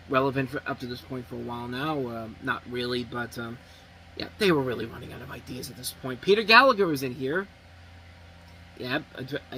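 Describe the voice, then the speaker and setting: A man's voice: mid-range voice, sharp tone, a little hiss or hum, rough recording. A man reviewing movies in casual talk, blunt and rambling with many restarts.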